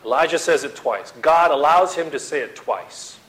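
A man preaching a sermon to his congregation, swinging from loud dramatic outbursts to hushed appeals and acting out the quotes he reads. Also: a little high, lively intonation, moderate pace, rough recording. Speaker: pastor.

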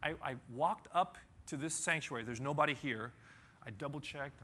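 A man preaching a sermon, telling a Bible story with animated storytelling, sudden shouts and dramatic pauses. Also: on the high side, a little hiss or hum. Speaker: pastor.

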